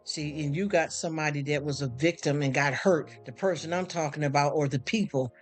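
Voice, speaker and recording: A man's voice: on the high side, fairly quick. Emotional man chatting on a stream. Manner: emotional, sympathetic, repeats himself with many restarts. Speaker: live stream host. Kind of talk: casual live stream chat. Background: soft background music.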